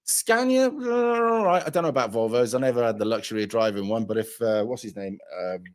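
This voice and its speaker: A hungover man hosts a livestream, rambling, swearing, and chatting crudely. His medium-pitched voice has lively intonation and a fairly quick pace.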